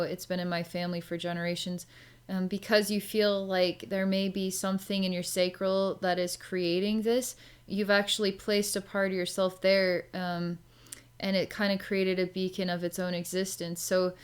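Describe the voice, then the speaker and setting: Lady psychic rambling through a session, lots of likes and ums, mid pitch. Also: smooth. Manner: chatty, rambling, many filler words. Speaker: psychic reader. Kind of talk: casual spoken psychic session.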